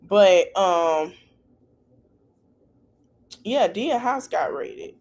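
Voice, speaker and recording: Extremely slow and mid-range in pitch, a woman podcast host gives a casual recap over a rough recording. She retells scenes animatedly in he-said-she-said style, adding slangy asides for her listeners.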